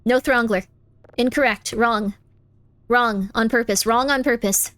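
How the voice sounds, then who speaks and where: High-voiced playful woman streamer, dry sound. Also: unhurried, a bit bright, dry recording. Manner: playful, teasing, insistent, repeats phrases over and over; jumps into squeaky high protests. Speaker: live streamer. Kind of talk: casual live-stream chat while gaming.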